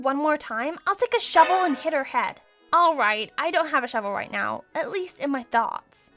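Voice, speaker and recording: A young woman narrating her own animated story with a dramatic, exclamatory and sarcastic delivery. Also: high voice, normal speed, faint music behind.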